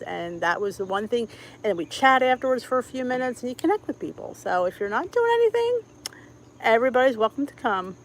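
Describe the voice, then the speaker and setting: The audio is poor, with some hiss or hum, as a medium-pitched woman chats on a live stream from her home. She's a middle-aged cooking channel host with a Philadelphia accent who welcomes viewers by name.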